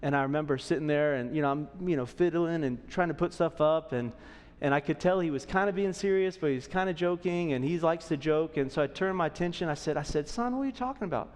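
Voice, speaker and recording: Speaking at a quick pace with a fairly high pitch, a pastor in his thirties preaches to a church auditorium. The room sounds big, and he stays conversational, regularly checking in with the congregation.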